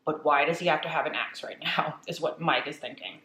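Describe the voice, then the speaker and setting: A woman vlogger eats on camera while chattily and animatedly retelling a spooky horror story. Her voice sits low and moves briskly; the sound is roomy, with slight background noise and poor audio quality.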